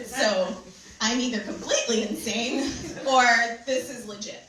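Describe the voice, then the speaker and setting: A woman giving an animated talk to an audience, telling a personal story and laughing often. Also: fairly high pitch, unhurried, crowd noise. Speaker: speaker. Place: large room with an audience. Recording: echoey hall from far off.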